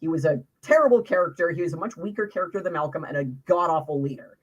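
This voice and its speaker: A woman's voice: low-pitched, quick pace, highs cut off. A woman co-hosting a casual trivia show, telling the answers with crude jokes. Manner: crude, joking, lively storytelling. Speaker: trivia co-host. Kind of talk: casual comedic chat.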